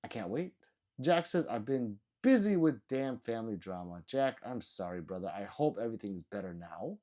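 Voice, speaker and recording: A man's voice: on the low side, animated, normal speed, warm tone. A sleepy man live-streaming, ranting with lots of swearing and mocking, then reading chat messages aloud.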